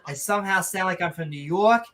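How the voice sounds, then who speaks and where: A man with a Northeast US accent, co-hosting a casual podcast in a rambling, animated way with many ums. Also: sits high, brisk, slight background noise. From Philadelphia area. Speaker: co-host.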